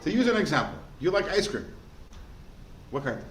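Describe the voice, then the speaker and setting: A man, a rabbi, giving a lively class, quizzing students and telling stories in an animated way. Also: a little high, moderate pace. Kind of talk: lively lecture with questions to students. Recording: echoey room, faint background noise.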